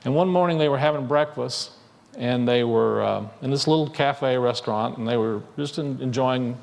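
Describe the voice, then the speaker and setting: A male minister telling a story in a sermon, in a conversational, halting way with frequent restarts. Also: medium pitch, creaky, darkish tone. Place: church sanctuary. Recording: long reverb in a church hall.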